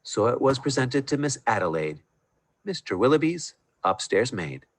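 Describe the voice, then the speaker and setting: A man reading a rhyming Christmas picture book aloud in a sing-song, expressive way over a video call. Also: medium pitch, normal speed, no room sound. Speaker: storyteller.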